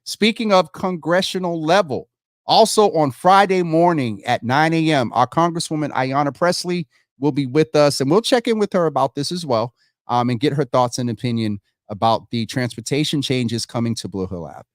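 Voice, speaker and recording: A man's voice: on the high side, normal speed, no room sound. A man hosting a casual livestream news show from his home studio, talking loosely and straight to his viewers. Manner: chatty, addresses viewers directly, loose and informal. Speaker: show host.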